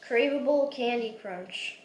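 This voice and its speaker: Woman, congested, soft and low-key, slightly high, echoey noisy room. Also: a little slow. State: stuffy nose.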